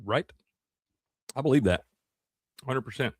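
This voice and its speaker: A man's voice: medium pitch, a little slow, a little hiss or hum. A man co-hosting a sports show, joking around and chiming in with agreement. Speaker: co-host. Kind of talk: casual sports show chat.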